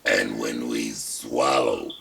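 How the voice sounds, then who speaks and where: An older man hosting his own talk show, telling his story with wry self-mockery in a gravelly, rasping voice produced through a throat prosthesis. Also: rumbling low, steady tone. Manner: wry, self-mocking, deliberate. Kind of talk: casual personal storytelling. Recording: distant mic with faint background hiss.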